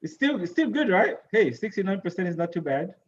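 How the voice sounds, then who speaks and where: A man's voice: high voice, sing-song, fairly quick, lo-fi sound, slight background noise. A man teaching an English pronunciation lesson, patiently repeating words and quizzing his class on which syllable to stress.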